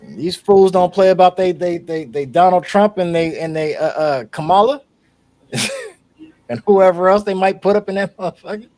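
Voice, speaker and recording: An animated man chats on a podcast. His voice sits high and leaps around as he tells stories and plays every person in them. He swears freely and stays casual. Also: moderate pace. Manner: animated storyteller, profane, acts out quotes. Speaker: podcast co-host. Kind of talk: casual chat.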